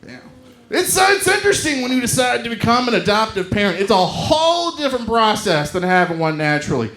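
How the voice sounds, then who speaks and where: A man doing a stand-up comedy set on a club stage, loud and animated as he acts out the people in his stories. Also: high voice, brisk, roomy sound, a little hiss or hum.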